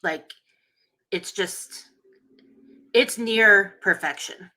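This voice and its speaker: A woman's voice: medium pitch, drawn-out words, pushed and bright. A woman co-hosting a movie podcast in casual, giggly, rambling chat. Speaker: podcast co-host.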